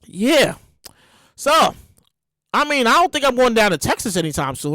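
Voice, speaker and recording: A woman hosting a podcast in a casual comedic monologue, animated and emphatic, full of slang and swearing. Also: mid-range voice, fast, no echo. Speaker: podcast host.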